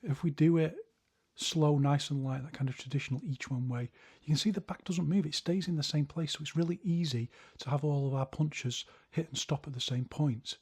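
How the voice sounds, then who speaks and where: Male instructor, husky, explanatory tone, counting through drills. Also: a little high, brisk, darkish tone. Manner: explanatory, counts punches aloud while demonstrating. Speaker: martial arts instructor. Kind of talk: demonstrating martial arts drills.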